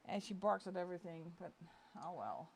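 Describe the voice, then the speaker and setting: A woman's voice: lively intonation, fairly quick, slightly rough. A woman chatting casually on a stream from home while she colors, laughing often. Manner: talks in a high coaxing baby voice to her dog.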